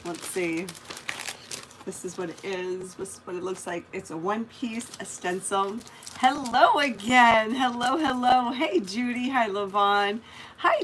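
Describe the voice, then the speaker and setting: A woman's voice: mid-range voice, fairly bright tone, a little hiss or hum. A woman hosting a casual live craft stream, chatting and greeting viewers by name as she works. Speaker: craft livestream host.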